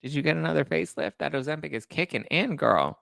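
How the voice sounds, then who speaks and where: A brassy middle-aged reality-TV woman blurts oblivious, sassy questions, voiced by a man. The voice sits higher than a man's natural register, with a gravelly rasp, recorded close and dry. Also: lively intonation, fast, a bit bright, dry recording, heavily acted. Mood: oblivious sass.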